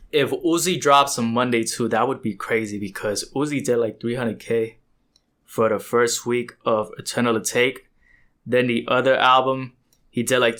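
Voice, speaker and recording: A man's voice: mid-range voice, fairly bright tone. Young man rambling through a music reaction. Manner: rambling, loose, lots of filler "like" and "bro". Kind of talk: casual music reaction commentary.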